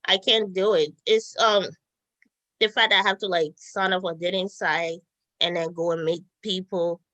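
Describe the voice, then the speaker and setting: A young woman chatting as a guest, telling stories in a lively way and laughing often. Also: lowish voice, normal speed, no room sound, poor audio. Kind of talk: casual chat.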